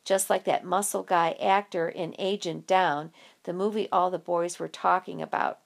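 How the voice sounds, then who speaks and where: A woman narrating an audiobook in a lively, expressive storytelling way. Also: on the low side, normal speed, gravelly.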